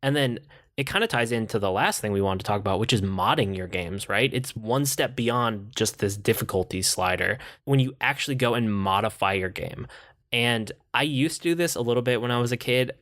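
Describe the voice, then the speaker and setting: A man's voice: medium pitch, animated, fairly quick, fairly bright tone, no room sound, studio quality. A man who is a parent, co-hosting a podcast in an easygoing, reflective casual chat. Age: adult parent. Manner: easygoing, reflective, many "like" and "you know" fillers. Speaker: podcast co-host.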